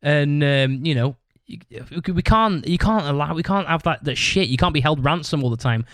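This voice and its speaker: A man's voice: on the high side, expressive, moderate pace, fairly bright tone, dry recording, studio quality. A man hosting his own podcast, telling a long story in a blunt, rambling way with a lot of swearing. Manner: blunt, heavily profane, rambling with restarts. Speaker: podcast host. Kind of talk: casual storytelling monologue.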